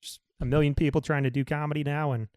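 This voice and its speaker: A man's voice: fairly high pitch, little pitch movement, quick pace, a little mellow, no echo, clean studio sound. Congested man hosting, easygoing. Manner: easygoing, agreeable, filler-heavy. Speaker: podcast host. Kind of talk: casual podcast interview.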